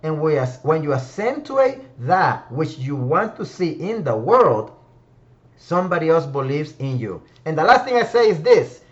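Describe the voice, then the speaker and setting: Motivational speaker, man, high and very animated delivery, emphatic and preachy, dull lo-fi recording. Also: normal speed. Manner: preachy, emphatic, repeats key phrases. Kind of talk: motivational talk. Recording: dull lo-fi sound.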